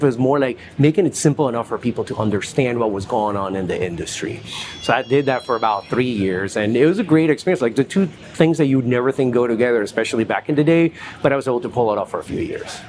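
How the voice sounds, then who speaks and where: Interview guest, a man in his forties from Venezuela, easygoing storyteller, middling pitch with faint room ambience. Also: a little hiss or hum. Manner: relaxed, storytelling, many fillers. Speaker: guest, company CFO. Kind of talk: casual interview. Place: New York Stock Exchange floor.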